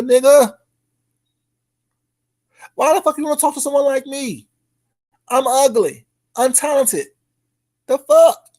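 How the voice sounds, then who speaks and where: In a call-out vlog, a YouTuber rants loudly and profanely, taunting his target. He repeats a name mockingly and swings between shouting and muttering low.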